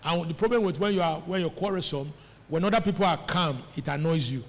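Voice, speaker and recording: Animated preacher, high voice. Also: male voice, a little fast. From Nigeria. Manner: animated, calls on the congregation to respond. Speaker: pastor. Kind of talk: sermon. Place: church hall. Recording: echoey church hall.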